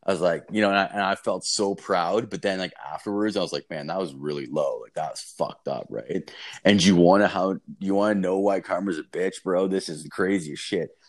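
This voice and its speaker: Young guy, low voice, rambling swear-heavy anecdote, casual chat. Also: fairly quick. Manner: profane, rambling, animated storytelling. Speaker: storyteller.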